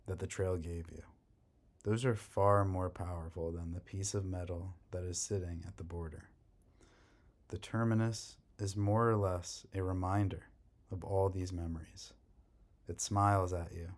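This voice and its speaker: A man vlogging his long-distance hike in a casual, wry, deadpan way, talking outdoors on a forest trail. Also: low voice. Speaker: long-distance hiker filming his trek. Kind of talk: casual hiking vlog narration.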